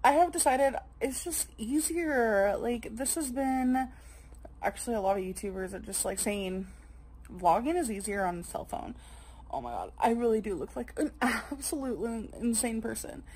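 A woman vlogging casually to camera, chatty and excitable with frequent giggles. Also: a little high, moderate pace, low-quality recording.

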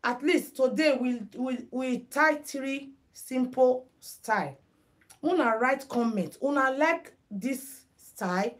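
Speaking slowly in a high-pitched voice, a Nigerian woman leads a live headwrap tutorial through her phone mic. She keeps up easy chatter with her audience, greeting them by name and blending in Pidgin.

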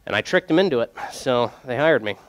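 Joking young man with a smooth voice. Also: medium pitch, expressive, fairly quick. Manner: joking, loose, rambling with many fillers. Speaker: brewery sales rep. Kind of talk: casual storytelling to a group.

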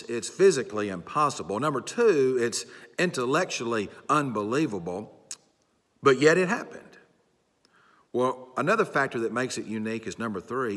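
A pastor preaching earnestly and circling back to his key phrases. His mid-pitched voice is bright and forceful. It rings in the long reverb of a church sanctuary. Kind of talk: sermon.

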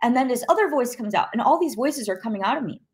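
A woman recounting her personal testimony with vivid emphasis. She tells the story in a lively way and acts out the quoted voices. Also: fairly high pitch, quick pace. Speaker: guest sharing a personal testimony.

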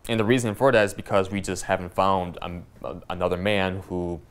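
Deep-voiced guy leading a church study group, stops and restarts a lot. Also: fairly even intonation, clean tone. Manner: halting, many fillers and restarts, reads scripture aloud. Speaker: Bible study teacher. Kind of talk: church Bible study teaching. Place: church room with a small group.

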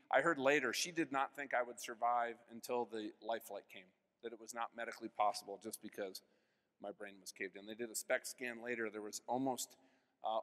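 A man in his fifties giving an earnest personal faith testimony as keynote speaker, telling his story with sudden swings between hushed and loud. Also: mid-range voice. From United States. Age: 50s. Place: large convention hall. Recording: long hall reverb.

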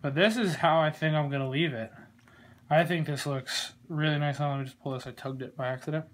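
A man giving a casual how-to tutorial on a glove, relaxed and rambling, with plenty of fillers and small jokes. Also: a little high, brisk. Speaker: glove maker demonstrating lacing. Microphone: phone camera.

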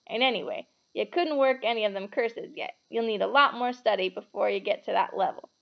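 A woman's voice: mid-range voice, brisk, vocal fry, dull audio, natural voice. A woman voicing a big, kindly half-giant groundskeeper man who talks in a hearty, blunt way, read aloud from a storybook.

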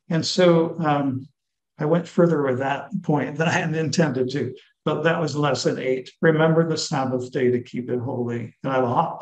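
Slow, earnest man in an echoey hall. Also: fairly high pitch, darkish tone. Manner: earnest, teacherly, slows down to stress key words. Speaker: lecturer on marriage and scripture. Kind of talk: church talk to married couples.

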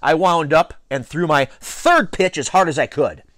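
A man reading a children's novel aloud with an expressive, playful storytelling delivery. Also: fairly high pitch, moderate pace, no echo, studio quality. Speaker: reader.

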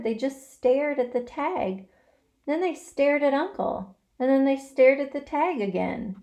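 A woman teacher reading a children's novel aloud, expressive and dramatic. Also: fairly high pitch. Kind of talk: storybook read-aloud.

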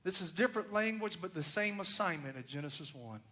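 A man delivers a sermon with impassioned storytelling. His voice sits very high for a man. His tone is bright and forceful. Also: lively intonation, brisk. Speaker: preacher.

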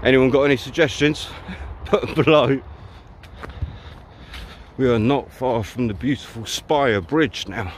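Man, hiking vlogger, blunt and sweary, mid-pitched voice, faint noise outdoors. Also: unhurried, pauses often. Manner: chatty, blunt, swears freely. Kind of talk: casual walking vlog monologue. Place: outdoors on a riverside countryside path.

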